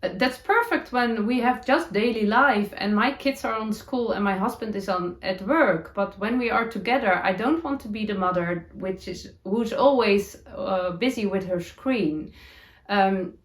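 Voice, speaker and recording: A woman with a Dutch accent, a native Dutch speaker, chatting casually as a knitting podcast host, with many fillers, pauses and giggles. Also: medium pitch. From Netherlands. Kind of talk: casual chat showing her knitting gear. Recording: roomy echo.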